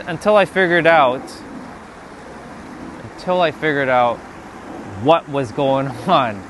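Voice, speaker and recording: A man in a casual spiritual monologue, animated and swearing, talking back to God in mock dialogue. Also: a little high, slow pace, long pauses, a little hiss or hum. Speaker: spiritual vlogger.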